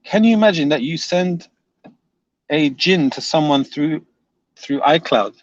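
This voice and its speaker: A man's voice: a little high, animated, unhurried, no room sound, lo-fi sound. Teasing man reading live chat. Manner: teasing, laughs often, reads comments aloud. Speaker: livestream host reading chat comments. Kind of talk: casual livestream chat.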